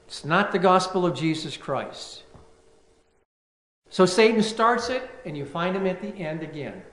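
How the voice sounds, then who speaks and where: A pastor preaching a sermon, reading scripture aloud with rising, emphatic force. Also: male voice, high voice, a bit bright, roomy sound.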